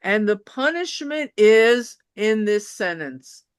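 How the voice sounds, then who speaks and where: A woman Bible teacher explaining a scripture chapter in a deliberate, emphatic way, stressing the points that matter. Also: mid-range voice, animated, clear, resonant tone, dry recording, studio quality.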